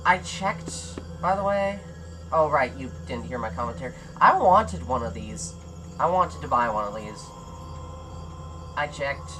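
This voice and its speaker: A young man with a high, nasal, nerdy voice giving rambly, jokey let's-play commentary on a game. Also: expressive, unhurried, noisy background. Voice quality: high nasal nerdy voice, compared to a cartoon sponge. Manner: rambly, jokey, self-deprecating. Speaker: gaming commentator.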